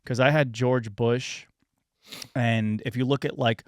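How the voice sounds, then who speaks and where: A man's voice: medium pitch, fairly even intonation, a little slow, dry recording, studio quality. A man in his thirties hosting a podcast in casual chat, rambling and loose, full of filler words and casual swearing. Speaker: podcast host.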